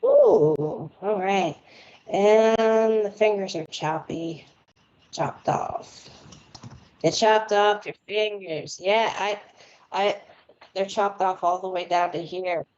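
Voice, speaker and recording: An American woman gives palm readings in a slow, unhurried, rambling manner, breaking into frequent laughter as she goes. Her voice comes over a dull, lo-fi internet stream. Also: mid-range voice, animated, darkish tone, a little hiss or hum. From United States. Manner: chatty, rambling, laughs often. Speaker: palm reader and tarot reader. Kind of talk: casual live-stream reading. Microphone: remote internet connection.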